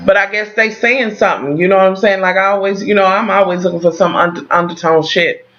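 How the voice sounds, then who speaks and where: A woman's voice: mid-range voice, fast, fairly bright tone, dull audio. A woman recapping a TV episode for her viewers, dramatic and profane, talking straight to the camera. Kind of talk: animated casual recap.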